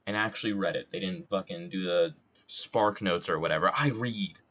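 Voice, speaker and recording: A man's voice: sits low, normal speed, fairly bright tone, slight background noise. A young adult man streaming casually while wood carving, joking, rambling and swearing freely at his own expense.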